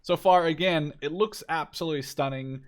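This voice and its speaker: A young man with a fairly high voice talks his way through a video game walkthrough, chatty and enthusiastic. He is not a native English speaker, and his commentary is loose and full of fillers and little self-corrections. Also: fairly quick. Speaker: gameplay video creator.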